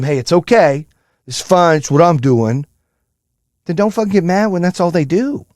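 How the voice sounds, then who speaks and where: A man's voice: normal speed, darkish tone, no echo, clean studio sound. Fired-up profane motivational man. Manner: high-energy, high-strung. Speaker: podcast host. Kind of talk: motivational monologue.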